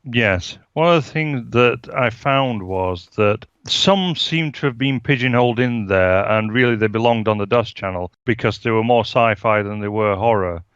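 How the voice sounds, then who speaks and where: A man with a Yorkshire accent, co-hosting a casual film review chat in a measured, musing way. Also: fairly low pitch, fairly bright tone, smooth, no echo. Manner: measured, musing, drawn-out phrasing. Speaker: podcast co-host, film reviewer. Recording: slightly dull lo-fi sound.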